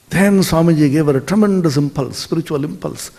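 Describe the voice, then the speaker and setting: A man giving a spiritual lecture, telling stories expressively and dropping to soft tones for emphasis. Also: on the high side, quick pace, vocal fry, few pauses, husky.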